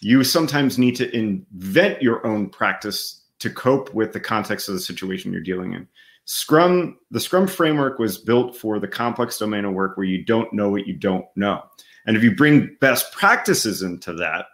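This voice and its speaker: A man with a fairly low voice, working through his thoughts in relaxed podcast chat. He stops often with ums and restarts, but keeps a steady, considered pace. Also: normal speed. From United States. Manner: thoughtful, many fillers and restarts. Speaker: podcast co-host. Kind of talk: casual chat.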